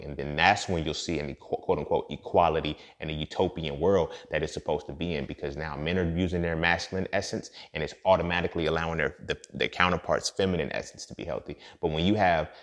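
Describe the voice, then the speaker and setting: A man with a very low, deep voice delivers a loose podcast monologue. He swears freely and sounds preachy, leaning on fillers like "you feel me" as he works through his points. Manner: profane, preachy, conversational with many fillers. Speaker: podcast host. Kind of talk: casual monologue.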